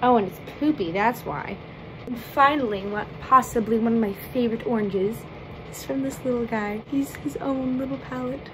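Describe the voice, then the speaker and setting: A woman hosting her own makeup video, chatty and playful as she talks through each step. Her voice sits a little high, and faint background noise runs under it. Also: normal speed. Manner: bubbly and playful, chatty asides. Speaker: makeup vlogger.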